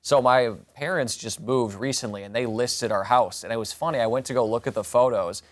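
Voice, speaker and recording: A man's voice: medium pitch, brisk. A man from Minnesota with an upper Midwest accent, telling rambling stories as a morning show co-host. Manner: storytelling, rambling with restarts. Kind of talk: casual chat.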